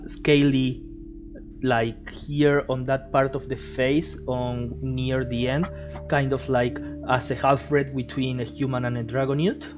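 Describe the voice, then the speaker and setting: Rambling game master over music. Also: male voice, medium pitch. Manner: rambling, with frequent fillers. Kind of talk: narrating a tabletop game. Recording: dull lo-fi with music behind.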